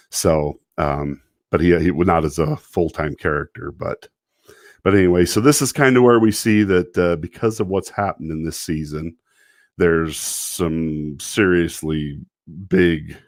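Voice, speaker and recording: A man's voice: a bass voice, dry recording, clean studio sound. A man casually reviewing a TV episode on a live stream, rambling, often breaking into laughter and apologizing. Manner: quotes characters in mock voices.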